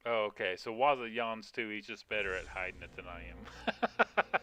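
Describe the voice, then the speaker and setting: A man chats casually with viewers while streaming a mobile game from his home room, rambling and peppering his talk with yawns and fillers. His voice is on the low side, expressive, a little slow, bright and forceful, with no room sound.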